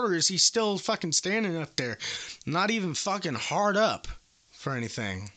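A man's voice: sits high, big pitch swings, normal speed, bright, forceful tone, no echo. A man making a prank phone call, rambling and swearing in angry outbursts. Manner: profane, rambling, escalating outbursts. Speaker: prank caller.

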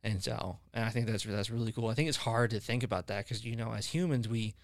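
A man with a fairly low voice hosts a casual podcast conversation about faith. He tells long, rambling stories full of fillers and restarts. The sound is dry and close. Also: fairly even intonation, fast talker, dry recording. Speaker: podcast host.

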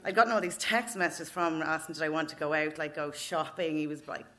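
A woman's voice: sits low, fairly even intonation, quick pace, bright, forceful tone. Frank Irish woman telling a story. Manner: frank, swearing, laughing through her story. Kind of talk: live comic storytelling. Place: open mic night with an audience. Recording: noisy live venue recording.

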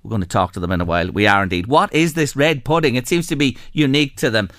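An Irish man hosting a radio phone-in show, chatting in an animated, curious way as he reads out listener texts. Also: medium pitch, fast talker, no echo, clean studio sound. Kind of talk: lively radio chat, reading listener texts. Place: radio studio.

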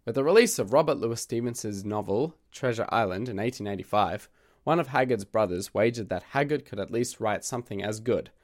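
A man with a lowish, croaky voice narrates a literature podcast. He reads from a script and breaks it up with wry asides. His voice sounds worn from a recent illness. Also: lively intonation, a little fast.

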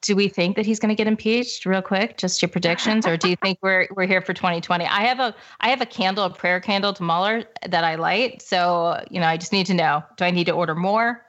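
A woman in her forties hosting a casual interview, talking in a chatty, animated way. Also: on the low side, fairly quick, few pauses, dull audio. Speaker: podcast host.

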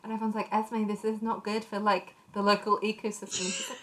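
A woman's voice: mid-range voice, level tone, fast talker. Giggly young woman co-host, wry and amused. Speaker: podcast co-host. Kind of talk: casual chat about a book.

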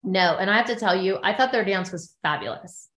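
A woman's voice: medium pitch, brisk. A woman chatting casually as a podcast co-host, telling stories animatedly and acting out what others said. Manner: animated storyteller, acts out quotes from others. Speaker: podcast co-host recapping a reality show she appeared on. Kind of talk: casual chat. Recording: roomy echo.

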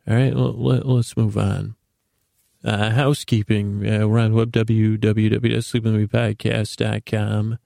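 Podcast host, male, creaky voice, dry close sound, meandering self-deprecating monologue. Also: fairly low pitch, mellow, no room sound. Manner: meandering, self-deprecating, stumbles and repeats words. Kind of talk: rambling bedtime monologue.

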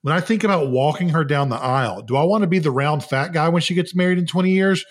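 A man's voice: a little high, fast. A man in his thirties co-hosting a casual faith podcast, conversational and joking. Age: 30s. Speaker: podcast co-host.

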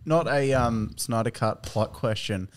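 A man co-hosting a podcast in casual chat, lively and sweary. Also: medium pitch, measured pace. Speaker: podcast co-host.

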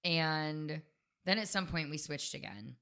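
A woman's voice: low-pitched, a little slow, bright, forceful tone, smooth. A woman co-hosting a podcast, talking frankly and casually and laughing easily. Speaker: podcast co-host. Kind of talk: candid casual chat.

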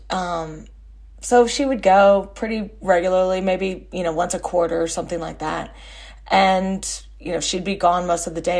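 Woman in her forties, lowish voice. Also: a little mellow. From Texas. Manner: rambling, self-correcting, with many fillers. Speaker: podcast host. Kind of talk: casual storytelling.

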